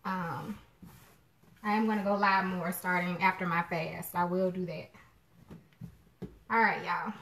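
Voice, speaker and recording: A woman's voice: lowish voice, fairly even intonation, unhurried, pauses often, fairly bright tone, a little hiss or hum. Woman, middle-aged, folksy live-stream cooking host, chatty, faint kitchen clicks. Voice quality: distinctive voice others call unusual. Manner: chatty, folksy, laughs often, greets viewers by name.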